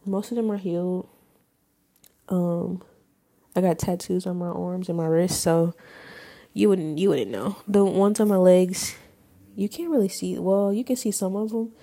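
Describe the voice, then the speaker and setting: Woman, 20s, podcast host. Low, mellow, gravelly voice. Candid, casual storytelling with swearing and halting pauses. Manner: frank and raw, casual with profanity, halting pauses. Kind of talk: candid personal storytelling monologue.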